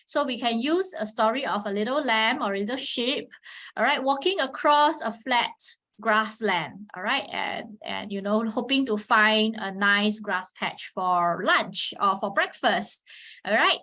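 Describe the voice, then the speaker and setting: Woman presenter, a bit high-pitched, patient teacher's delivery for an online class. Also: animated, unhurried. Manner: patient teacherly explaining, frequent "all right" check-ins; models Mandarin tones with sharp pitch swings. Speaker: webinar presenter on teaching Chinese. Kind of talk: instructional webinar talk.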